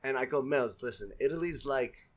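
A man's voice: mid-range voice, normal speed, a crowd in the background. A man, a filmmaker guest on a podcast, chatting in a laid-back way with lots of agreeing "yeah, yeah.". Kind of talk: casual chat.

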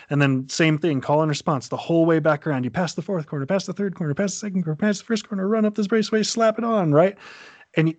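A man's voice: medium pitch, darkish tone, no room sound. A man in casual podcast chat, animatedly retelling a story and acting out the dialogue.

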